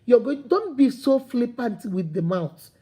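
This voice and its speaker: A woman gives a motivational talk in a preachy, animated way. Her voice sits high, with a mellow, soft-edged tone. She acts out the voices of imagined people as she makes her points. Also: measured pace. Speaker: motivational speaker.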